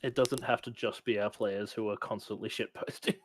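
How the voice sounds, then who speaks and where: A man's voice: fairly low pitch, fairly even intonation, a little fast, noisy background. A man casually recapping the last session of a tabletop game, rambling with many fillers and laughs. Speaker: game master.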